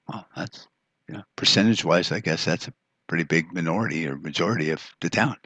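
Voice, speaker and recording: A very low, husky man rants on his podcast, swearing freely and turning sarcastic as he goes. The sound is dry and close, with little room around it. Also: fairly bright tone, no echo. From United States. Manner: angry, profane, sarcastic ranting. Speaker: podcast host. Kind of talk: ranting monologue.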